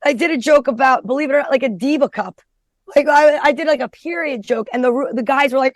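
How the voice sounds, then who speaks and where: High-voiced blunt woman comedian, dry sound. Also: fast talker, no echo. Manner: blunt, profane, storytelling. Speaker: stand-up comedian, podcast guest. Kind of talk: casual podcast chat.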